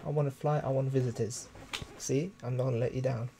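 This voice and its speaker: A young man from the UK chatting casually and quietly with viewers during a game live stream, recorded on a desktop microphone at home. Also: mid-range voice, fairly even intonation, brisk, slight background noise. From United Kingdom. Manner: talks quietly to keep from waking neighbors at night. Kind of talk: casual live-stream chat while playing. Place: room at home, early morning. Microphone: desktop USB microphone.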